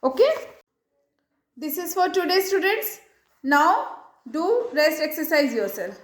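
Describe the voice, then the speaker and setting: A woman teacher, leading a grammar lesson and slowly repeating the answers. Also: high-pitched, very animated. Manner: slow, repetitive, drilling answers. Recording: echoey room.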